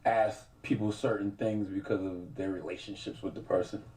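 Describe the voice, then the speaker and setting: A man's voice: on the low side, fairly even intonation, moderate pace, mellow. A man co-hosting a radio interview, asking short plain questions. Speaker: radio co-host. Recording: roomy studio sound.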